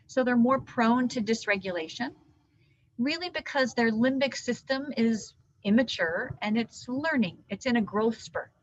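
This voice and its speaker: Woman trainer, higher pitch, animated teaching manner; muffled lo-fi recording. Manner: animated teaching, hand gestures, warm explanations. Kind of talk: live training talk to caregivers. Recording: dull lo-fi sound.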